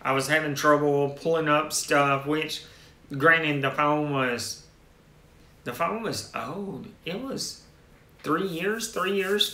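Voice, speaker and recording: A man's voice: a little high, pushed and bright, roomy sound. A man hosting a tech channel in casual live-stream chat, rambling with restarted phrases as he answers viewer comments.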